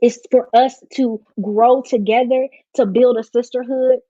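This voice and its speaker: Her voice sits a little high, warm and steady, moving at a measured pace with no room sound. As host of a laid-back stream, she gets emotional and close to crying, using slang and a heartfelt tone over dry, somewhat muffled lo-fi audio.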